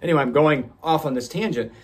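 A man's voice: a little high, fast talker, slight background noise. A man speaking candidly and with profanity as a podcast host, telling a personal story with frequent restarts.

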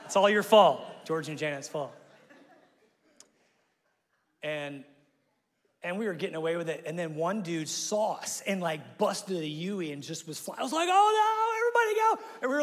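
Here the Omaha, Nebraska preacher sounds high-pitched and a little fast as he delivers his sermon in a church sanctuary. Quotes get acted out with abrupt shouts, and he laughs through self-deprecating jokes while telling lively stories. A big hall's long reverb trails every line.

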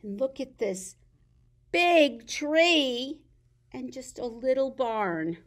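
A woman's voice: sits high, expressive, slow. A woman leading a baby storytime as a children's librarian, reading a picture book aloud in a sing-song, playful way and coaxing little listeners to join in.

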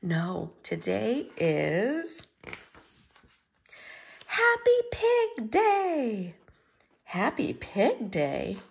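A high, squealing little pig girl bursts with cheer in a storybook voice, as a woman reader puts her on. She bubbles over with excitement, her pitch swooping up and down in lively leaps while she takes her time with every word. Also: very slow, vocal fry, long pauses, slightly rough, exaggerated voice. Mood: excited.

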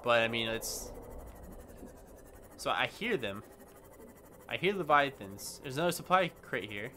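A man's voice: medium pitch, big pitch swings, measured pace, bright, forceful tone, a little hiss or hum. A man giving casual gameplay commentary, rambling with stammering restarts and yelping in panic when startled. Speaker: gaming YouTuber. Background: game music.

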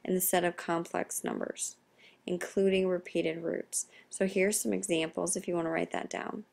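Quiet, half-whispering woman teaching math. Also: fairly low pitch, little pitch movement, normal speed, creaky. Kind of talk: recorded video lesson.

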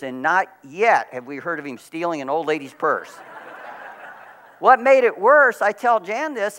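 A middle-aged man preaching a sermon as pastor, telling stories with lively swings from quiet to loud. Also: clear, resonant tone. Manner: animated storytelling, big swings in pitch and volume.

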